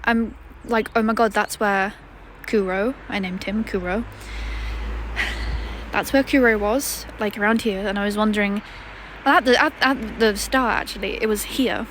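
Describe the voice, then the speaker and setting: A woman's voice: mid-range voice, moderate pace, fairly bright tone, a little hiss or hum. A woman vlogger telling a story to camera in a rambling, casual way, with many fillers and restarts, outdoors in a garden.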